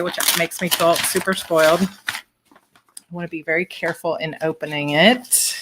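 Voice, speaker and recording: A woman's voice: fairly low pitch, background noise. A woman hosting a casual live chat, opening fan mail and gushing, tearful and laughing often. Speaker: author and channel host.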